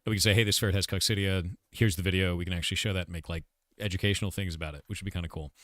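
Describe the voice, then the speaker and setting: A man's voice: sits low, steady tone, racing, fairly bright tone, dry recording, clean studio sound. A man casually chatting with his livestream audience, rambling and blunt, swearing now and then. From United States. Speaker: streamer and game developer.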